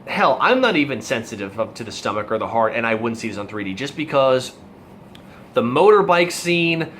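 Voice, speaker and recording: A man's voice: mid-range voice, very animated, fairly quick, a bit bright, a little hiss or hum. A young adult man giving a casual, rambling movie review, full of fillers and asides. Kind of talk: casual film review monologue.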